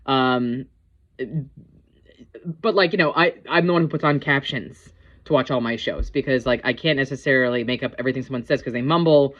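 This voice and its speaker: A woman's voice: extremely low pitch, fairly quick, lo-fi sound. A woman casually reviewing a TV episode, rambling with lots of ums and likes. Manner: rambling, filler-heavy, chatty.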